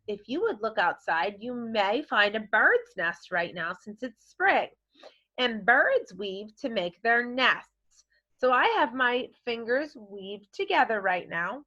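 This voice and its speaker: A woman's voice: a little high, fairly bright tone, dull audio. A woman teaching a recorded vocabulary lesson to children, encouraging them and modeling words in playful voices. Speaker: elementary school teacher.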